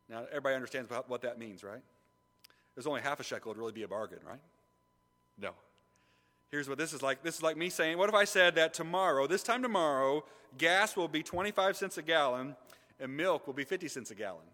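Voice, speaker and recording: A middle-aged man preaching a sermon, swinging between loud emphatic lines and low, hushed asides, often putting questions to the congregation. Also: a little fast. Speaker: pastor. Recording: long reverb of a large hall.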